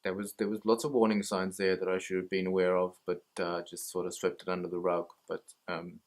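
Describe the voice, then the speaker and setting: Deep-voiced and completely flat in delivery, this Australian man moves briskly through an open, meandering talk to camera about mental health. He curses without restraint and keeps laughing at his own expense.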